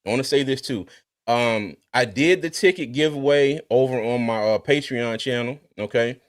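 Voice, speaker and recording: A man hosting a casual sports talk livestream, animated and laughing as he reads out viewer comments. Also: medium pitch, moderate pace. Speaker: podcast host. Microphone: streaming mic.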